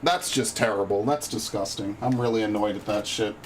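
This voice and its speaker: A man's voice: on the low side, fairly quick, slight background noise. Profane, grumbling man streaming a game. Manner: profane, easily annoyed, grumbling. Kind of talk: live gaming stream chat.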